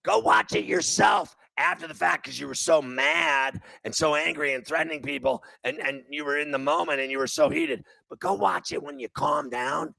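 A man hosting a radio talk show, ranting loudly and profanely with mocking outbursts. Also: fairly high pitch, normal speed, vocal fry, few pauses, dry recording.

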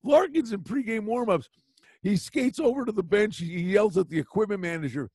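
A man hosting a casual sports chat, telling stories in an animated way. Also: sits high, fairly quick, slightly rough, dry recording, studio quality. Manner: animated storyteller.

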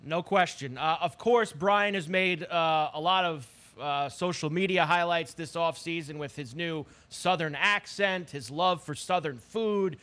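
A man's voice: fairly high pitch, unhurried, few pauses, sharp tone. A man hosting a sports talk show, emphatic and opinionated, repeating phrases for effect.

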